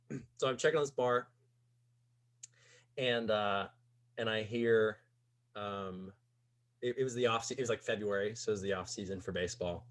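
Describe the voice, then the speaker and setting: Low-voiced man telling a rambling story. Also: normal speed, long pauses. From Missouri, USA. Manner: rambling, peppers speech with "like" and "um". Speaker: podcast guest. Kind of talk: casual storytelling.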